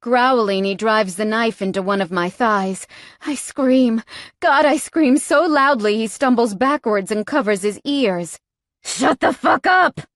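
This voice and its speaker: A woman's voice: fairly high pitch, unhurried, no echo. A woman narrating a first-person audiobook in a tense, frightened tone, recorded close on a studio mic.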